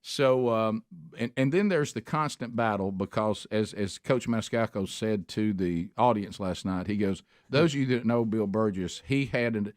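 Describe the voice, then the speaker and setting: A middle-aged man hosts a radio talk show, rambling through a long story with restarts and acting out quotes in sudden high-pitched shouts. His voice sits low, and the sound is dry and close to the mic. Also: moderate pace, hardly any pauses, no room sound.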